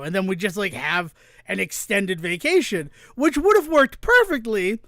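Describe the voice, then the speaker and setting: A podcast co-host in casual chat, telling stories in an animated way and swearing freely. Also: male voice, sits high, normal speed, no echo, studio quality.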